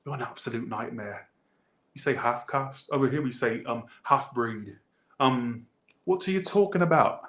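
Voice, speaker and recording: A man with a Southern US accent giving a casual tarot reading, animated, blunt and joking. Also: mid-range voice, normal speed, roomy sound. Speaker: tarot reader.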